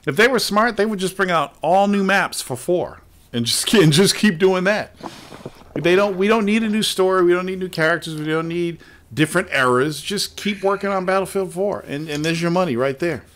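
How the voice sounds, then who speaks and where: A man hosting a gaming podcast in casual chat, laid-back, often trailing off low and laughing. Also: fairly quick, fairly bright tone, slight background noise. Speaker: podcast host.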